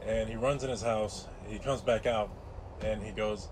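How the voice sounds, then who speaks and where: A man, a delivery driver, telling a relaxed anecdote to camera and voicing the people in it. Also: lowish voice, fairly quick, background noise. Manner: relaxed anecdote with voiced quotes. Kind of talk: storytelling to camera.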